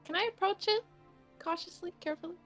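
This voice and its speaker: A woman's voice: very high voice, fast talker, fairly bright tone, soft background music. A woman player at a tabletop game, chatting casually in a bubbly, slightly hesitant way.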